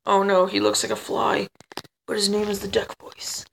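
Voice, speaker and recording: High, gravelly, excitable gamer guy. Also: normal speed, noisy background. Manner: excitable, chatters at other players, yelps. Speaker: gamer and channel host. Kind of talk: let's play commentary.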